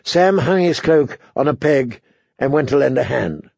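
A man narrating an audiobook in a steady storytelling manner. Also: medium pitch, measured pace, creaky, breathy edge, dry recording. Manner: steady storytelling, voices characters. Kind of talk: scripted narration. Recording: dry, slightly dull recording.

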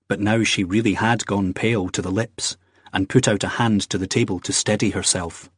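A male narrator reads the story in a steady, even way. His voice is low and husky, and the recording is dry and close with no room sound. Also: brisk, no room sound. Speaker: audiobook narrator. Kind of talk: scripted narration.

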